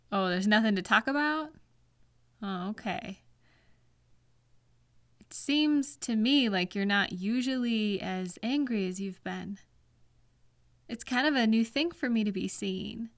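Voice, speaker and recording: Woman, slow and gentle, patient girlfriend voice for whispered role-play, dry close mic. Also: medium pitch, animated, creaky, no echo. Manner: soft, gentle, patient questioning.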